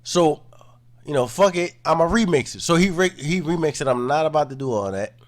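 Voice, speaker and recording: A man giving casual commentary, relaxed and low-key, full of "you know" fillers. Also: fairly quick.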